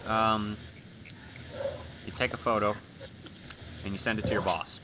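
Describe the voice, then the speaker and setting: A young man as game master, narrating a tabletop horror game over voice chat with relaxed fillers. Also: fairly low pitch, a little slow, very noisy.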